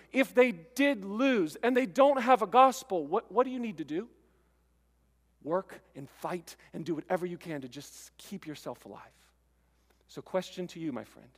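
A male pastor preaching with a light, high voice that carries a long echo through the church hall. He acts out scenes as he goes, dropping low and then breaking into sudden loud bursts. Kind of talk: sermon.

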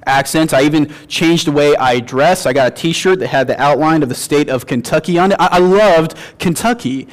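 A man's voice: a little high, moderate pace, few pauses. A man in his thirties with a Northern Illinois accent, preaching a sermon as a guest pastor, earnest and telling stories with light humor.

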